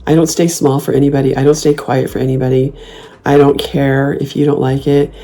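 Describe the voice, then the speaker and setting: A woman in her fifties with a low, mellow voice tells her stories in a loose, casual way. She is blunt and sassy, swears without a second thought, and slips into teasing, mocking voices when she repeats her comebacks. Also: flat delivery, fairly quick. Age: 50s. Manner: playful mocking put-on voices when quoting herself. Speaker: host. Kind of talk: casual talk to camera.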